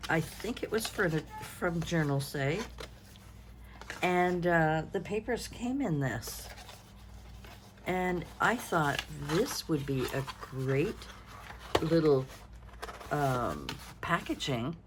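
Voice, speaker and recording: Low-pitched yet animated, this Canadian craft vlogger in her sixties speaks slowly and pauses often amid background noise. She rambles and thinks aloud through a casual show-and-tell, tired and yawning.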